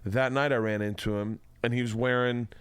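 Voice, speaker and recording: A man's voice: mid-range voice, steady tone, brisk, clear, resonant tone, no echo. Rambling male podcast host, dry sound. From Florida, USA. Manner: rambling, profane storytelling with restarts. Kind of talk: casual podcast chat.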